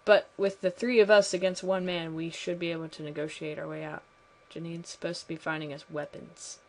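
A woman reading the lines of a calm, cryptic fellow prisoner in a game, in a quiet, measured way. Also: lowish voice, slight background noise, lightly acted.

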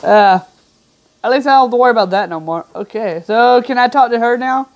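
A woman playing a video game and narrating as she goes, reading the on-screen text aloud in a somewhat high voice. She talks in an easy, offhand way and drifts into asides. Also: brisk. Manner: chatty and offhand, trailing into asides. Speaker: gamer.

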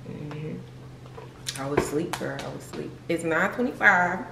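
A woman's voice: fairly low pitch, animated, normal speed, creaky, background noise. A young woman chatting casually to her viewers in a slangy vlog, often laughing, at times from a car. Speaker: vlogger. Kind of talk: casual vlog chat to camera.

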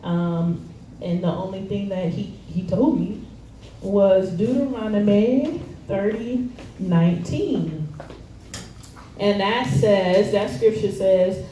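A woman at a church service takes it slowly in a dark, medium-pitched voice, delivering a conversational sermon full of slang, fillers and easy laughter. The recording comes from an echoey church hall, her voice distant from the mic amid faint noise.

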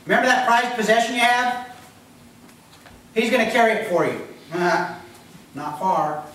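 A man's voice: sits high, lively intonation, unhurried, pushed and bright, heavy reverb, far from the mic, poor audio. A man preaching a sermon as pastor, talking conversationally, quizzing the congregation and acting out voices. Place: church.

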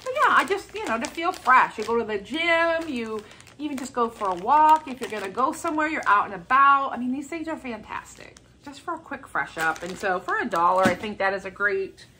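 Chatty lady doing a haul video at home, bright voice, bit of faint noise. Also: on the high side, expressive, fairly quick. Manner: chatty, rambling, upbeat product talk. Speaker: haul vlogger. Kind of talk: casual chat. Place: home with a bay window.

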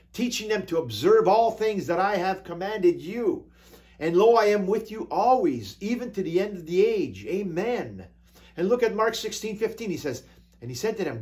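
A man pastor preaching a sermon, reading scripture slowly with drawn-out emphasis and scattering hallelujahs between points. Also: high-pitched, darkish tone. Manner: peppers talk with hallelujahs.

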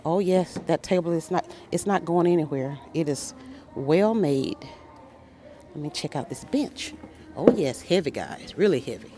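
A woman's voice: deep voice, animated, a little slow, mellow, slight background noise. Gushing woman touring a furniture store. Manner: gushing, enthusiastic, exclaims often. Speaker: shopping vlogger. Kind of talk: casual store walkthrough vlog. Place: large furniture store, indoors.

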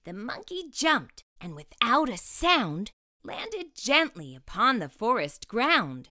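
Lady reading a kids picture book out loud, slow, bright, bouncy voice. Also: on the high side, no room sound, clean studio sound. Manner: slow, expressive rhyming narration. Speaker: storyteller. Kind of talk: children's storybook read-aloud.

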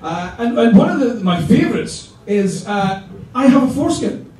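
A Scottish man doing a stand-up comedy set, animated and mock-indignant, with swearing. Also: very high voice, normal speed. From Scotland. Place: comedy club stage. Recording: echoey club, distant mic, audience laughter. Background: audience laughing.

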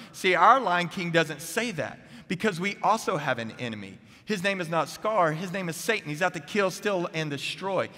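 A man preaching a chapel sermon, energetic and humorous, who keeps putting questions to the crowd. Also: high-pitched, moderate pace, few pauses. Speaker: guest preacher. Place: seminary chapel. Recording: echoey chapel hall.

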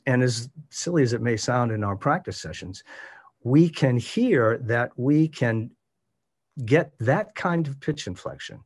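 A man leading an online workshop as a voice coach, speaking in a measured, demonstrative way and varying his pitch for emphasis. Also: very animated, slightly rough. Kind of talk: instructional presentation. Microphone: video call.

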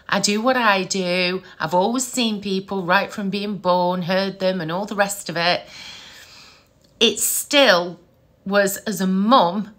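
A middle-aged woman tells stories to camera in a casual, lively way. Her voice is bright and clear. She laughs easily and keeps a warm, chatty rhythm. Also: mid-range voice. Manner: chatty, animated, laughs often. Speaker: psychic medium.

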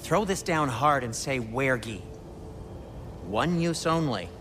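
A man's voice: mid-range voice, expressive, takes it slowly, background noise. A man voicing a wary, fussy dwarf smith in a video game, giving careful instructions. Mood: instructive. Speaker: game character.

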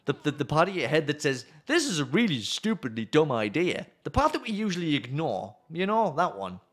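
A man's voice: a little high, big pitch swings, brisk. A man reading the lines of a determined young woman climber, earnest and defiant, close to his own voice.

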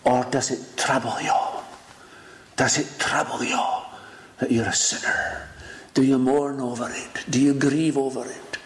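A man preaching a sermon in an emphatic, dramatic style, swinging between loud rises and hushed lines. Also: medium pitch, little pitch movement, measured pace. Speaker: pastor. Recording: echoey room with faint noise.

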